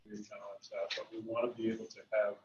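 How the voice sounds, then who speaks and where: A man presenting a school design to a town committee and answering questions in measured, hedging sentences. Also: fairly low pitch, completely flat delivery, a little mellow, slight background noise. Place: meeting room. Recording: roomy, distant, dull public-access audio.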